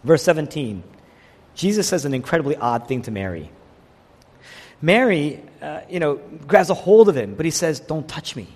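A man preaching a sermon, delivering it in an animated way and voicing the people he quotes. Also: a little high, moderate pace. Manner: animated preaching, quotes figures in voiced asides. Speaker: pastor. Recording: long hall reverb.

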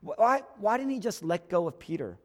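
A man preaching a sermon as a pastor, swinging from loud emphatic peaks down to near-whispered lines. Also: high-pitched, sing-song, fairly quick. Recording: long hall reverb.

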